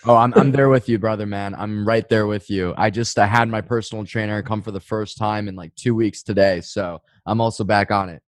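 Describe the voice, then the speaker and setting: Young guy on a podcast call, lowish voice, dry sound, easygoing storyteller. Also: fairly even intonation, fairly quick, few pauses, no echo. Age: 20s. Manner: friendly, chatty storytelling. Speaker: podcast guest, entrepreneur. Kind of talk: podcast interview. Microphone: remote call.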